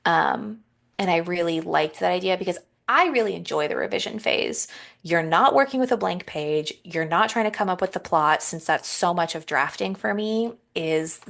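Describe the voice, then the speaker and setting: A woman's voice: lowish voice, normal speed, vocal fry, fairly bright tone. A woman co-hosting a writing podcast, chatting casually and enthusiastically about craft advice she loved. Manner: enthusiastic, affirming, many "um"s. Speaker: podcast co-host. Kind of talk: casual chat.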